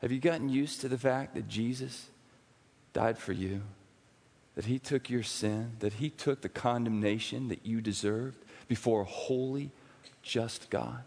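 A man preaching a sermon in a church, swinging from loud emphatic peaks to hushed, quiet asides. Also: medium pitch, measured pace, in a large hall. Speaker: pastor. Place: church sanctuary.

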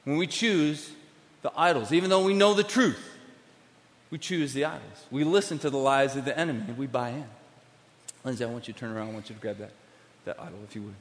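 A man preaching a sermon to a crowd, with a volunteer on stage, talking directly and animatedly, going from quiet asides to emphatic declarations. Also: mid-range voice, quick pace. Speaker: pastor. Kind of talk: sermon with live demonstration. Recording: long hall reverb.

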